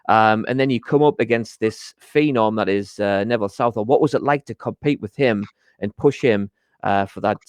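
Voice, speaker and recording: A man's voice: mid-range voice, dry recording. A man hosting a casual football interview, asking long rambling questions full of restarts. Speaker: podcast host.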